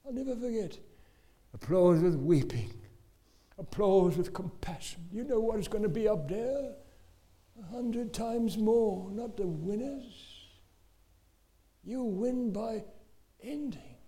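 A man preaching a sermon, telling a story dramatically, swinging from shouts to a hushed whisper. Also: high voice, expressive, slow pace, pauses often.

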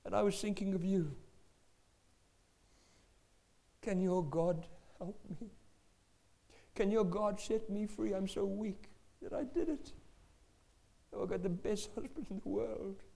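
A man acting out a weeping young woman who quietly pleads for help. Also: fairly high pitch, measured pace, long pauses. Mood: pleading. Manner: hushed, pleading, tearful.

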